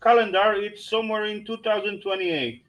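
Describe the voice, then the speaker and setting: A man's voice: high-pitched, steady tone, brisk, lo-fi sound. A man in a casual live chat, easygoing and earnest. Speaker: chat guest.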